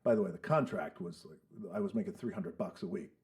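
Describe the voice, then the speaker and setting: A man's voice: deep voice, brisk, darkish tone. A man in his fifties, a podcast guest telling stories in a casual, profane way and acting out the voices of people he quotes. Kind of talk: casual storytelling chat. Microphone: studio podcast mic.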